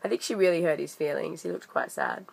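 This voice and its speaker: Young woman, low gravelly voice, chatty indignant vlog storytelling. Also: wildly swooping pitch, fast, no room sound. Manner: chatty, indignant, with frequent fillers. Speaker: vlogger.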